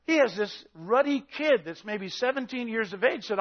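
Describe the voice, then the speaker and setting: Intense, high-voiced preacher shouting a sermon. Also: male voice, animated, normal speed, hardly any pauses, lo-fi sound. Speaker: pastor.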